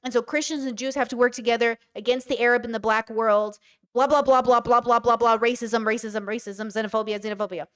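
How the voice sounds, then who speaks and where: Animated woman streamer. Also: a little high, smooth. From United States. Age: 30s. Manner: animated, rapid, emphatic. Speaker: streamer reacting to a debate. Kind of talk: live-stream reaction commentary.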